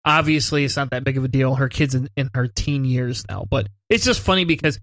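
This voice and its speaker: A man's voice: medium pitch, a little fast, a bit bright, no echo. A man co-hosting a podcast, telling stories in casual chat, laughing often and swearing casually. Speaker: podcast co-host.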